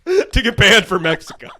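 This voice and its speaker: A man's voice: sits high, big pitch swings, unhurried, sharp tone. A man co-hosting a comedy podcast, riffing in casual banter and laughing often. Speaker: podcast co-host.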